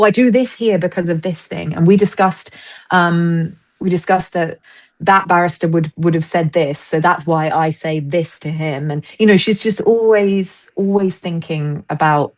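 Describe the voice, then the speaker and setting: A woman, a stage actress, chatting as a podcast guest and acting out other people's words as she tells stories. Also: lowish voice. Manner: animated storyteller, acts out quoted voices. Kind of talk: casual interview chat.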